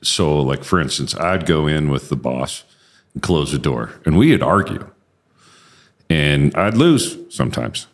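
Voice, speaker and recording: A man co-hosting a casual discussion, telling stories about his own experience and giving quoted people animated voices. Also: a bass voice, measured pace. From military background.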